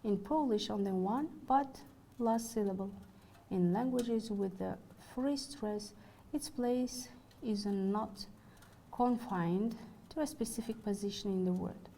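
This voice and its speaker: A woman delivers a recorded university lecture. She reads from her notes in a careful, measured way. Her voice sits at a middle pitch and has a mellow, dark warmth. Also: slight background noise.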